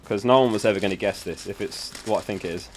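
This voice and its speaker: A man's voice: lowish voice, quick pace, background noise. A young man hosting a casual livestream, chatty and giggly as he talks to his viewers from home. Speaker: livestream host. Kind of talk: casual live-stream chat.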